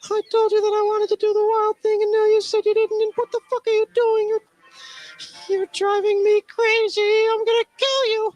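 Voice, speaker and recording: A woman doing a shrill flirty dame. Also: level tone, normal speed, a little mellow, no room sound, faint music behind, low-quality recording. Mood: furious. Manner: sing-song sweet talk, slangy.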